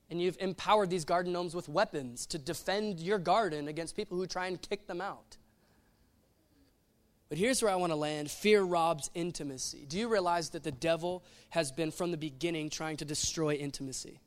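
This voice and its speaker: A man preaching a sermon in an animated, playful way, acting out little quotes as he goes. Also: high-pitched.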